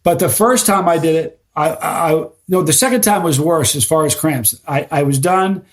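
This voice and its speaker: A man chats as a podcast guest, spinning animated stories with plenty of false starts. His voice sits a little high for a man. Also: moderate pace. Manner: animated storyteller with frequent restarts. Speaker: guest, spicy food challenge creator. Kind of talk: casual podcast conversation.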